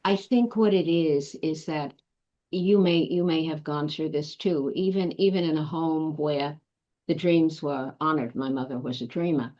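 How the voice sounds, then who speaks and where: Very low-voiced reflective woman, lo-fi. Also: measured pace, warm tone. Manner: reflective, with filler ums. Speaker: guest. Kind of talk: casual conversation.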